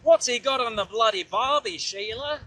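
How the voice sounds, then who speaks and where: A man's voice: very high-pitched, lively intonation, moderate pace, creaky, sharp tone, slight background noise, voice pushed up, exaggerated voice, rough recording. A man putting on a bad Australian accent as a bloke calling to his wife at a barbecue. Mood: mock-bossy. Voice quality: over-the-top fake accent.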